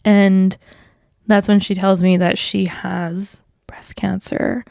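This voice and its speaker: Gravelly young woman, casual chatty storyteller. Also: little pitch movement, takes it slowly, darkish tone, no room sound, studio quality. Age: 20s. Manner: casual, filler-heavy, swears freely; quotes people in livelier, higher voice. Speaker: podcast host. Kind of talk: solo podcast storytelling.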